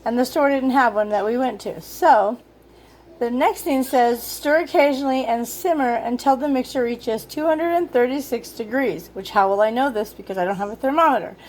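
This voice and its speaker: Chatty higher-voiced woman cooking at home. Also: normal speed, a little mellow, a little hiss or hum. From Utah. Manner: chatty, thinking aloud, easily exasperated. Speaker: cooking vlogger. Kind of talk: casual cooking vlog. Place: home kitchen.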